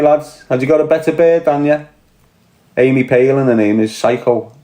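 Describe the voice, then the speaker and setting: A man's voice: medium pitch, normal speed, warm tone, echoey room. A man with a Scouse accent from Liverpool, ranting bluntly and answering viewers on a casual livestream. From Liverpool, England. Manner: blunt, combative, swearing, reading and answering chat. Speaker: livestream host.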